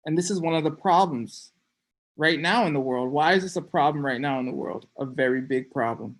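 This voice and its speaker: A teacher giving a relaxed online class, joking often and checking in with "okay?". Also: mid-range voice, brisk. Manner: playful, joking, frequent "okay?" check-ins. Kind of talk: casual online class lecture.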